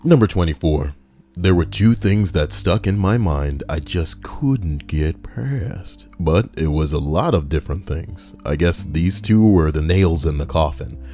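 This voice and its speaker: Streamer, male: a very low voice, reads posts aloud and adds crude jokes, with faint music underneath. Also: expressive, a little slow, mellow. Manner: crude, joking asides between readings. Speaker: streamer reading online posts. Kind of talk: casual livestream reading.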